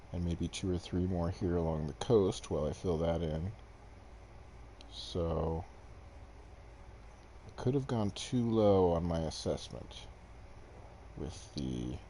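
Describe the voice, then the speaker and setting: Young man, game streamer, very low pitch, slow talker, casual rambling commentary, self-deprecating, desk mic. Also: dark tone, a little hiss or hum. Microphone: desk microphone.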